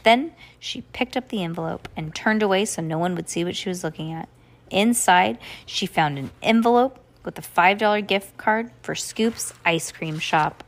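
A woman's voice: lowish voice, normal speed. A woman reading a children's book aloud, with occasional slips and restarts. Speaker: reader.

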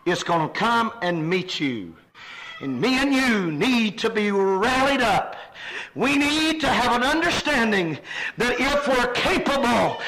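A man preaching a fervent sermon, punctuating lines with amens and rising into shouts. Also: very high voice, slight background noise, rough recording. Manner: repetitive cadence of amens.

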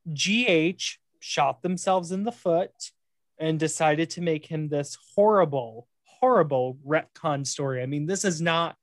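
Opinionated co-host, lots of fillers, dry close mic, mid pitch. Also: dry recording. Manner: animated, opinionated, many fillers. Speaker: podcast co-host. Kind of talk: casual chat.

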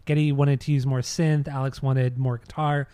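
A man's voice: mid-range voice, flat delivery, moderate pace, dark tone, smooth, no room sound. A man co-hosting a podcast in casual chat, laid-back and rambling, laughing easily. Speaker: podcast co-host.

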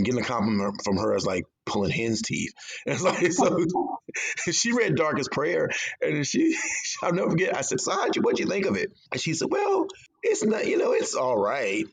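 A man with a husky edge to his voice tells stories about family and friends in a relaxed chat. His pitch swings widely as he acts out quotes and laughs between lines. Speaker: author guest. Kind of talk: casual storytelling chat.

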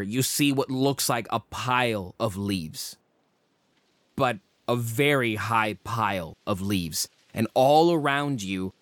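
A man's voice: mid-range voice, no echo. A man narrating a tabletop fantasy game as game master, descriptive and casual, with fillers.

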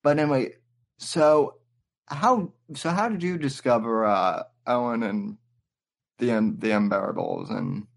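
A man hosts a casual podcast chat over a call. He speaks hesitantly and restarts his sentences as he talks. His voice sits at an average pitch for a man. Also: lively intonation, measured pace, gravelly. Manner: hesitant, with repeated false starts.

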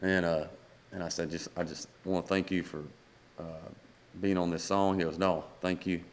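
A man's voice: low-pitched, level tone, moderate pace, a little hiss or hum. A man, a guest singer-songwriter, telling a rambling story in a casual podcast chat and acting out the dialogue.

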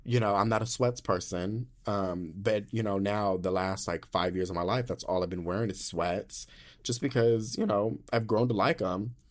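A young man hosting a podcast, talking candidly in a sassy, animated way, full of slang and swearing. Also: lowish voice, moderate pace. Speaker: podcast host. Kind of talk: candid casual monologue.

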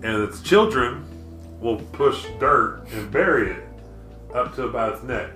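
A man's voice: mid-range voice, lively intonation, unhurried, pushed and bright, roomy sound, soft background music. A man in casual chat, telling a tall tale with a straight face and swearing freely.

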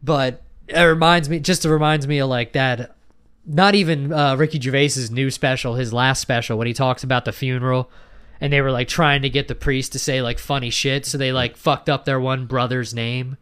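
A man's voice: medium pitch, steady tone, normal speed, a bit bright, clear, resonant tone. A young man co-hosting a podcast in casual chat, rambling with lots of fillers, restarts and swearing. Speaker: podcast co-host.

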